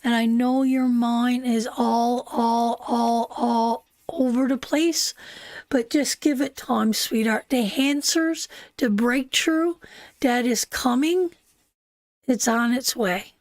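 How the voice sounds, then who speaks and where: A woman's voice: fairly high pitch, slow, darkish tone, no room sound. A woman giving a live tarot reading in a soothing, repetitive way, calling the listener sweetheart and answering chat messages. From Canada. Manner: soothing, repeats "sweetheart", reads chat aloud. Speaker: tarot reader.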